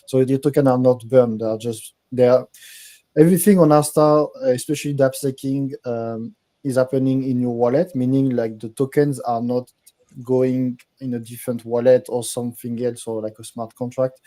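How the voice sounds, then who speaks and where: A man's voice: medium pitch, steady tone, moderate pace, warm tone. A man working as a protocol manager, explaining on a community call with many hesitations and fillers.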